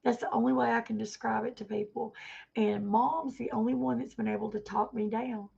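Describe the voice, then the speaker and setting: Woman livestreamer, earnest and rambling, gravelly husky voice, dull lo-fi sound. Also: on the high side, fairly even intonation, a little fast, dark tone. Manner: earnest, rambling, repeats herself. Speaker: livestream vlogger. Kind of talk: emotional personal livestream talk.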